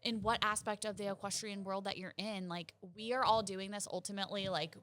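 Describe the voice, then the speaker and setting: A woman's voice: mid-range voice, steady tone, a little fast, a bit bright. A young woman co-hosting a casual podcast chat, earnest and gushing, full of "like" and "you know". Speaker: podcast co-host.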